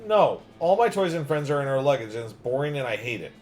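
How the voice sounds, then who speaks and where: Petulant little girl, lively sing-song delivery, man doing the voice. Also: medium pitch, fast, faint music behind, lightly acted. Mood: whiny. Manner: whiny, petulant. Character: bored, sulky little girl on a train.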